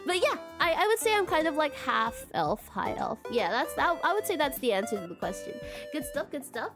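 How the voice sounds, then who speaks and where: A young woman streamer with a high, bouncy voice that swings widely in pitch. She chats casually with viewers, giggles often and fills every pause with "question mark". Soft music plays faintly underneath. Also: very animated. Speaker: VTuber streamer.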